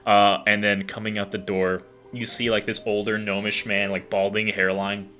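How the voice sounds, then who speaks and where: A man's voice: lowish voice, little pitch movement, normal speed, bright, forceful tone, faint music behind. A young man narrating as game master in a casual, filler-heavy way.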